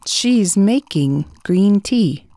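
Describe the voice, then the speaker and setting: A woman calmly names pictures for beginner learners, slowly and clearly, repeating each key word. The recording is dry and close, with no room sound. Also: mid-range voice, dry recording. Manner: clear, repeats single words. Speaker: English teacher. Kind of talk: slow picture-description narration.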